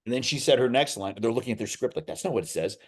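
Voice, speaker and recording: A middle-aged man, an actor being interviewed, telling stories in a lively, rambling way with many restarts and asides. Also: mid-range voice, racing. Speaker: actor, guest. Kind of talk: casual interview storytelling.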